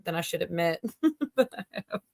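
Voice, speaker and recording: A woman's voice: lowish voice, expressive, moderate pace, gravelly, noisy background. A woman hosting a livestream in a casual, chatty way, reading out viewer comments. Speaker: livestream host. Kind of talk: casual chat.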